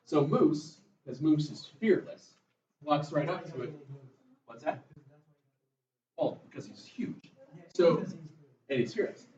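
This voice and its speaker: A male math teacher gives a casual, chatty lecture, telling stories to his class in a conversational way. His slightly high, a little mellow voice is animated yet slow with frequent pauses, picked up from a distance in a roomy classroom with a dull sound.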